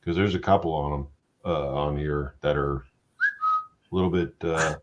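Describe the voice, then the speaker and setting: A man's voice: a bass voice, huge pitch swings, a little slow, a bit bright. A middle-aged man hosting a casual live-stream chat, blunt and profane, joking around. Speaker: host.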